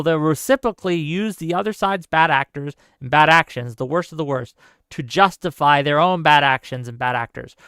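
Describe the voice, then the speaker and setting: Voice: mid-range voice, sharp tone, smooth, no room sound, studio quality. A livestream show host in an online panel discussion, talking earnestly and with rising passion over a voice call. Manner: earnest, grows passionate and emphatic.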